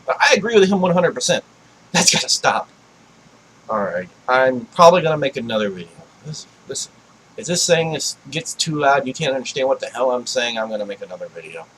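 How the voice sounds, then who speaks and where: A man ranting about video games to his desk mic, swearing a lot and swinging between shouting and low grumbling. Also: very animated, a little fast, a little hiss or hum, rough recording. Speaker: gaming vlogger. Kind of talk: angry gaming rant.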